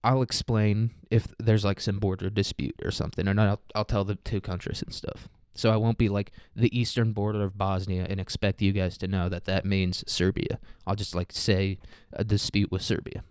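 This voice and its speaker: A young man with a low, smooth voice hosting a loose solo podcast. He rambles through his points, swears freely and drops joking asides. The sound is dry and close on the mic. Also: little pitch movement, normal speed, a little mellow, no echo. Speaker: podcast host. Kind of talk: casual solo podcast monologue.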